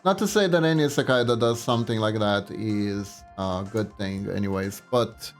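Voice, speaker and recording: A man chatting casually on a livestream, telling a story in a rambling, animated way. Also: fairly low pitch, moderate pace, faint music behind. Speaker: streamer.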